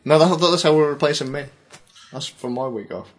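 A man's voice: on the high side, a little fast. A man co-hosting a podcast, sarcastic and mocking, with casual swearing. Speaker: podcast co-host. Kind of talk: casual chat.

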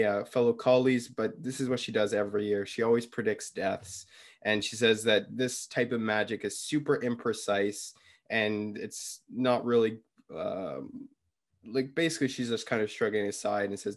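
A young man co-hosting a podcast, casually retelling a book chapter with lots of fillers and quick quoted lines. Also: fairly low pitch. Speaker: podcast co-host.

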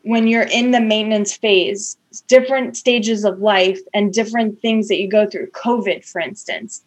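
A woman's voice: mid-range voice, steady tone, normal speed. A woman co-hosting a podcast in casual chat, candid and self-deprecating, rambling with restarts and acting out her inner voice. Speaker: podcast co-host.

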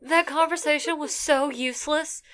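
High-pitched woman, blunt and sweary. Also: fairly even intonation, moderate pace, a crowd in the background. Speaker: podcast co-host. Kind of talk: casual book-club chat.

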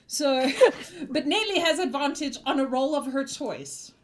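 A woman narrating a tabletop role-playing game as game master, chatty and quick to laugh, thanking viewers between scenes. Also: high-pitched, slight background noise.

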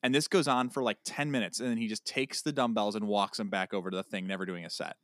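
A man co-hosting a casual podcast chat, telling stories with lively animation and getting loud when riled. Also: fairly low pitch, fast, no room sound. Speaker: podcast co-host.

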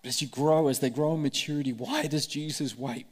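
A male pastor delivers a sermon in a fairly high voice that rings with long reverb from a large hall. He preaches with passion and slips into the voices he quotes. His tone stays lively and direct. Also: brisk. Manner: impassioned, acts out quoted voices.

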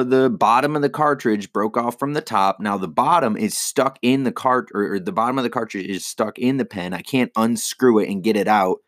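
Low, dry-voiced man ranting casually. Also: fairly bright tone, no room sound. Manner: profane, rambling and self-critical. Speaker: stand-up comedian. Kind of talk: casual monologue.

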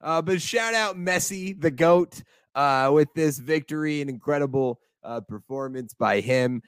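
A young American man co-hosting a casual sports podcast, talking with animated enthusiasm and laughing easily. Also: a little high, measured pace, clear, resonant tone, no room sound. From United States. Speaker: podcast co-host.

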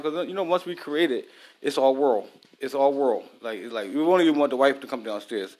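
A man's voice: medium pitch, lively intonation, a little fast, darkish tone. Profane married man chatting while cooking. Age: adult, married. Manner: loose, profane, talks straight to viewers. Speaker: vlogger. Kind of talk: casual chat while cooking.

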